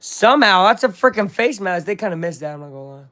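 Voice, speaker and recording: Excitable high-voiced man commentating live. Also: fast talker. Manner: excitable, swings between hype and grumbling. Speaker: live-stream sports watch-along host. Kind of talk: casual live game commentary.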